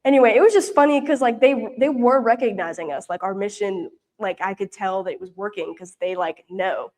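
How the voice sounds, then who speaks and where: A woman's voice: mid-range voice, fairly quick, darkish tone. Young woman from Louisiana, easygoing and talkative, telling stories to a church group with lots of fillers. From Louisiana, US South. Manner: chatty and rambling, many fillers and restarts. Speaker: mission intern giving a report. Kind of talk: casual storytelling talk. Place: church prayer meeting, showing pictures.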